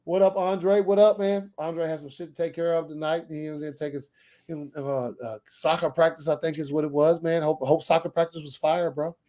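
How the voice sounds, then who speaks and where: A man with a notably high speaking voice hosts a casual stream. He rambles, restarts sentences and swears freely, talking from a home setup. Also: steady tone, normal speed, dark tone. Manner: loose, profane, rambling with many restarts. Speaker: podcast host. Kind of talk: casual chat.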